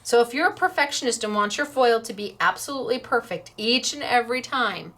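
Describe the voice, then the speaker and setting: A woman's voice: fairly high pitch, lively intonation, brisk, pushed and bright. A woman hosting a casual craft demonstration, chatty and upbeat, laughing easily as she works. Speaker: craft shop host.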